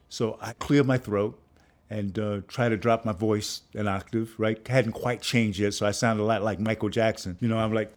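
Animated storyteller man, low voice. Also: a little fast. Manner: acts out voices of people in his story, jumping high in pitch. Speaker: filmmaker and professor telling his story.

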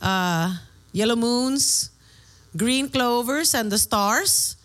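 A woman's voice: on the high side, very slow, a bit bright. A woman co-hosting a podcast in casual chat, talkative, laughing easily and swearing casually. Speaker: podcast co-host. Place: bar.

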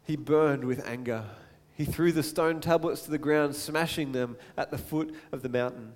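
A man with a fairly high voice preaches a sermon, his words fading into the long reverb of a large hall. His delivery is conversational, with pauses for asides and acted-out quotations.

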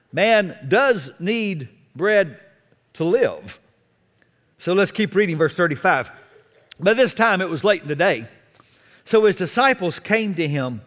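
High, animated man preaching in a hall. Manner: animated, wry self-deprecating humor. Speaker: pastor. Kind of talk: sermon.

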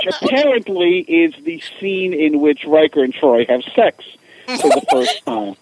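A man's voice: a little high, measured pace, very noisy. A middle-aged man telling funny stories as a guest, acting out other people's voices as he goes. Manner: animated, acts out voices in anecdotes. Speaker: guest, author. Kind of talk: casual storytelling.

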